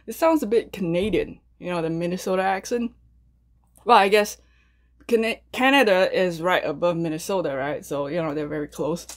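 A woman's voice: lowish voice, normal speed. A young woman chatting casually to her viewers between mouthfuls as she hosts an eating video. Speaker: mukbang eating channel host.

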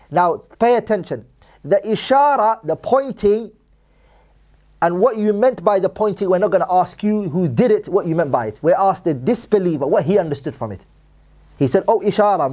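Guy teaching an islamic class, talks fast, rattles off arabic quotes then explains them over and over. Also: high-pitched, a little mellow. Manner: reads Arabic texts rapidly then translates with emphatic repetition. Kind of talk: religious lecture.

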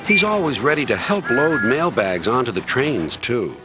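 Middle-aged male narrator, gentle and lively, storybook with music underneath. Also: mid-range voice, normal speed, few pauses. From United States.

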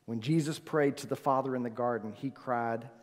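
A male pastor preaching a sermon, swinging from loud emphasis to soft, hushed phrases. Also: mid-range voice, moderate pace. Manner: swings from loud emphasis to near-whispered softness. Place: church sanctuary. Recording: long reverb of a church hall.

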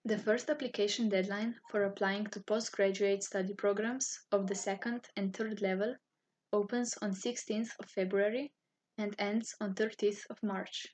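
Woman, English, husky breathy tone, formal scripted narration. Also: medium pitch, moderate pace. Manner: formal, even-toned reading. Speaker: university student office staff.

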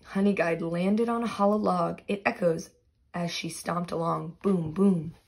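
Gravelly-voiced woman teacher reading aloud. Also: fairly low pitch, normal speed. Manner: expressive read-aloud with sound words. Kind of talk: reading a storybook aloud, then quiz questions.

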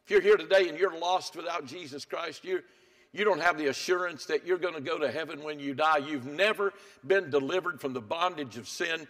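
Emphatic high-voiced older preacher. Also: male voice, fairly quick. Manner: dramatic swings between hushed and emphatic. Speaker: pastor. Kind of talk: sermon. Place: church sanctuary.

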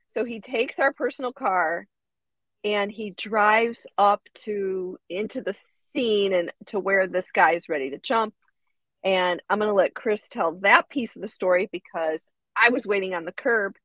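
A woman's voice: mid-range voice, a bit bright, no room sound, poor audio. A middle-aged woman co-hosting a casual talk show, who tells a personal story in a chatty way and retells what people said. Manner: chatty, laughs easily, retells quotes. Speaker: co-host.

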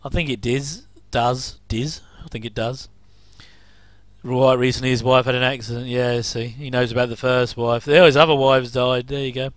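A man's voice: mid-range voice, flat delivery, moderate pace, no room sound. A middle-aged man giving a chatty, jokey commentary over a TV episode. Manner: chatty, jokey asides with chuckles. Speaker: commentary host. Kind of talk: casual watch-along commentary.

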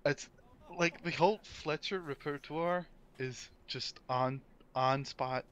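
Caster: smooth, resonant male voice, eager and emphatic. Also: fairly high pitch, slow pace, fairly bright tone, highs cut off. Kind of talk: casual stream chat.

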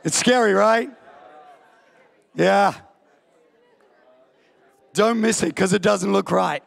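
A man preaching an impassioned sermon in church, often bursting into shouts. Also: sits high, slow pace, creaky, a faint crowd. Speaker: pastor. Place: church hall.

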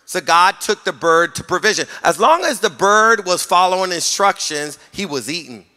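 Middle-aged guy preaching, jokey storyteller, bright voice echoing round a big church. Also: high-pitched, moderate pace. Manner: storytelling, animated, jokes with the congregation. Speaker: pastor. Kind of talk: sermon. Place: church sanctuary. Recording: long reverb of a hall.

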